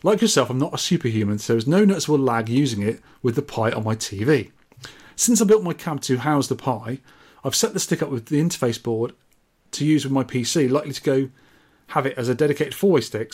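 A man's voice: mid-range voice, expressive, fast, a little mellow, slightly rough. A man co-hosting a casual retro gaming podcast, reading out listener messages in a jokey, rambling way. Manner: jokey, rambling, self-deprecating. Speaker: podcast co-host.

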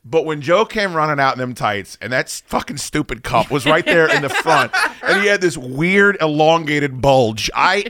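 A man hosting a talk show, telling stories in a loose, profane, animated way. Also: fairly high pitch, normal speed, few pauses. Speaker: radio show host. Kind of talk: casual podcast banter.

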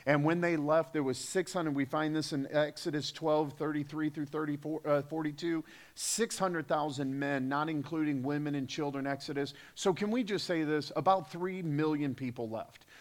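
A man's voice: on the high side, fairly even intonation, moderate pace, hardly any pauses. A man preaching a sermon as pastor, emphatic, with rhetorical questions and repetition. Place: church sanctuary.

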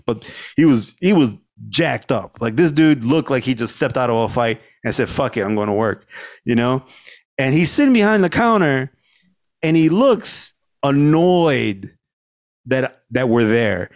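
A male podcast host telling a story, his voice sitting at an ordinary middle pitch. He keeps it loose and profane and jumps into the voices of the people in the story. The sound is dry, with no room around it. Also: a little slow, dry recording. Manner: animated storyteller, acts out quoted people, swears freely, laughs often. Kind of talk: casual storytelling chat.

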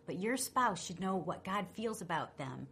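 A middle-aged woman co-hosting a radio talk show, telling a story in a feisty, expressive way. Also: medium pitch, moderate pace, slight background noise. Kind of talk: casual storytelling chat.

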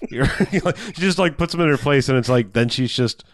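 A man recaps a movie in loose, rambling chat, swearing freely and laughing through his own jokes. His voice sits at an ordinary middle pitch. It is recorded close and dry, with no room sound around it. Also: lively intonation, measured pace, dry recording. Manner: rambling, profane, laughs often, acts out quotes.

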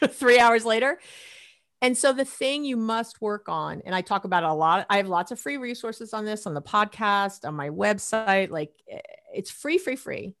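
Middle-aged woman therapist, guest on a show; lively, laughs a lot, plays out her clients' voices. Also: medium pitch, moderate pace. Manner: animated, laughs often, acts out clients' lines. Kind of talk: casual interview talk.

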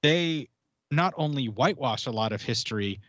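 A man's voice: medium pitch, lively intonation, moderate pace, fairly bright tone, dry recording, lo-fi sound. An American man in his forties, a podcast guest talking heatedly and swearing in casual chat. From United States. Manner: heated, swearing, rambling rants.

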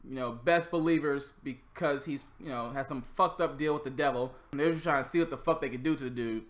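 A man's voice: medium pitch, quick pace. A man in casual chat, joking but hesitant, often searching for words.

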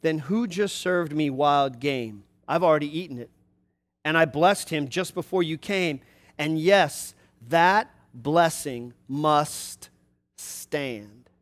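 A man reading the lines of a frail, blind old father in a slow, hushed, grave way. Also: fairly high pitch.

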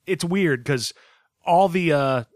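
A man's voice: fairly high pitch, slow, dry recording, clean studio sound. A man in casual podcast chat, with a laid-back, wry way of talking.

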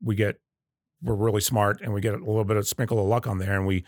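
A man's voice: lowish voice, quick pace, no room sound, clean studio sound. A man in his fifties, a guest in a casual interview, telling stories with energy and acting out the voices of people he quotes. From Arizona. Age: 50s. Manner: animated storyteller who acts out quoted voices. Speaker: guest, coffee company owner.

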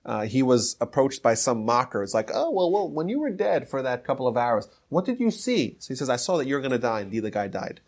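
A man hosting a podcast, retelling an old story in a casual lecture and slipping into the characters' quoted lines. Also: mid-range voice. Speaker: podcast host teaching history.

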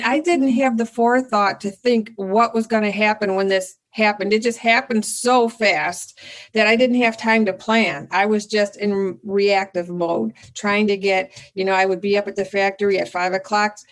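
A middle-aged woman, a company founder, telling a story in a casual interview with lively energy and acting out her own remarks. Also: mid-range voice, normal speed. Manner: animated, excitable storyteller who acts out her own lines.

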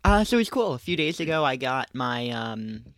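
A young man, a college student about to start school, co-hosting a podcast in relaxed casual chat. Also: medium pitch, normal speed, no echo. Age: young adult. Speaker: co-host.

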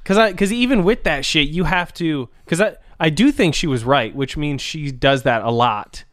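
A man's voice: fairly high pitch, expressive, moderate pace, fairly bright tone, no echo, studio quality. A man chatting casually, laid back, chiming in with jokes and reactions. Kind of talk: casual chat.

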